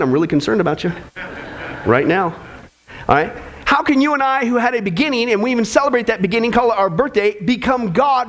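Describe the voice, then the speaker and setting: High-pitched guy preaching, emphatic, cracks little jokes at the crowd. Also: a bit bright. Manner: emphatic, preacherly, jokey asides to the congregation. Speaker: pastor. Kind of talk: sermon.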